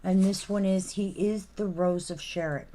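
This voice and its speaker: A woman hosting a live figurine sale in casual chat, reading out item names and numbers slowly and clearly. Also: medium pitch, fairly even intonation, warm tone, slight background noise.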